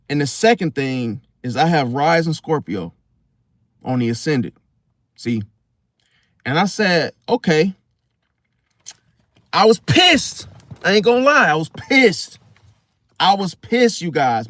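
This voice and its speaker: A man with a high, very lively voice tells a story to his viewers, slangy and full of cussing. His delivery swings up and down constantly, and the sound is dry and close. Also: dry recording. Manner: animated, slangy and profane, addresses viewers directly. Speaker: astrology vlogger. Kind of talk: casual storytelling to camera.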